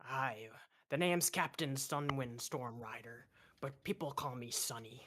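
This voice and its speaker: A man's voice: medium pitch, unhurried, a bit bright, a little hiss or hum, natural voice. A man voicing a young gray-haired pirate airship captain who wails dramatically in put-on pirate speech, over an online voice chat mic. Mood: gruff pirate. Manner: theatrical, wailing for his lost crew.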